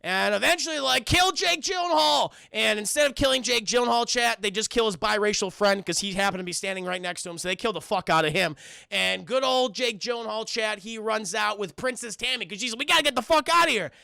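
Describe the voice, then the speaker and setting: A man casually retelling a film to his live chat, profane and animated, addressing the chat constantly. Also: high voice, brisk, gravelly, clean tone, no echo, clean studio sound. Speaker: streamer and film reviewer.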